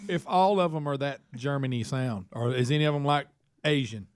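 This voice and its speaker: A man, a skeptical radio cohost cracking quick jokes. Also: mid-range voice, lively intonation, smooth, no echo, clean studio sound. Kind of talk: radio talk show banter.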